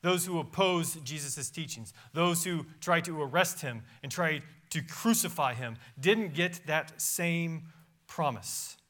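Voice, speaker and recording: A man's voice: on the high side, animated, slow pace, a bit bright. A pastor preaching a sermon in a church, reading scripture aloud with emphatic rises and drops in his voice. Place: church sanctuary.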